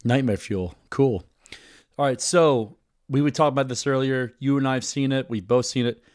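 A man's voice: mid-range voice, normal speed, a little mellow, no room sound, clean studio sound. A man hosting a podcast, chatting casually with a playful, jokey manner. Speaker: podcast host. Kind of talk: casual chat.

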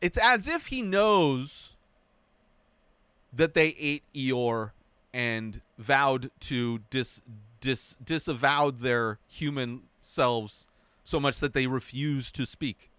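Animated man ranting through a movie review. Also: takes it slowly, smooth, no room sound. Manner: animated, mocking impressions with high whiny voice. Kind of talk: casual spoken movie review.

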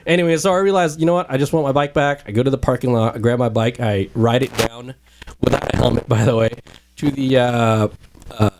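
Animated man telling a story. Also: mid-range voice, brisk, noisy background. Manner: animated storyteller, swears freely. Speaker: podcast regular telling a story. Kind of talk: casual group chat. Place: room with several people.

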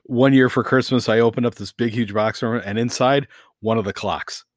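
A man's voice: medium pitch, steady tone, normal speed, dry recording. Dry-sounding man cracking wry jokes. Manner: wry, joking interjections. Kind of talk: casual podcast chat.

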